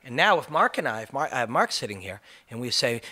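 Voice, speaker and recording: A man's voice: mid-range voice, sing-song, fast, sharp tone. A man hosting a ranting MMA commentary video, passionate and emphatic, swearing for punch.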